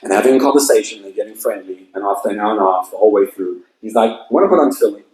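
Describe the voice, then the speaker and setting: A man's voice: fairly low pitch, racing, a little mellow, echoey room, rough recording. Passionate man preaching a sermon. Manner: passionate, emphatic storytelling. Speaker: rabbi. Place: event hall with audience.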